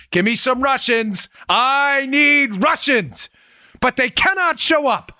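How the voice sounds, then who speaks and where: A man hosting a political podcast, talking in a sarcastic, animated way full of mocking asides. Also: extremely high pitch, no room sound. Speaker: podcast host. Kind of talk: opinionated political commentary.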